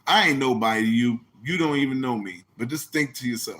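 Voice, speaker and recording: A man hosting a podcast, ranting casually and animatedly. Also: fairly quick. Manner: animated, laughs often, mimics others in high shouting voices. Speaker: podcast host.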